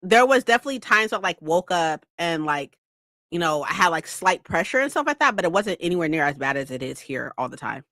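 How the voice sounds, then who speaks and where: A woman's voice: lowish voice, very animated, brisk, bright, forceful tone, dry recording. A young woman from California chatting casually with viewers, swearing freely and laughing often. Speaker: streamer. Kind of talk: casual chat.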